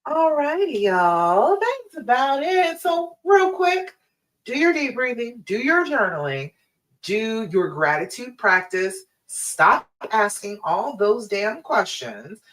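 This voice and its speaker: A woman's voice: fairly high pitch, sing-song, slow, a bit bright, low-quality recording. A woman, giving a love coach's live-stream talk in an encouraging, emphatic way that speaks straight to the listener. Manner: encouraging, emphatic, direct address.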